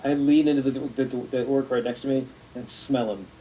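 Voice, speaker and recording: A man's voice: medium pitch, fairly even intonation, moderate pace, mellow, a little hiss or hum, rough recording. Rambling male tabletop player. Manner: rambling, restarts a lot. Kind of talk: casual tabletop role-play.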